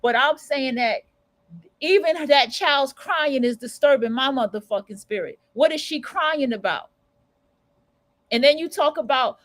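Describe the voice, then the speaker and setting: A woman's voice: high voice, expressive, normal speed, dry recording, rough recording. A woman hosting a livestream, ranting bluntly and profanely in casual commentary. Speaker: livestream radio host.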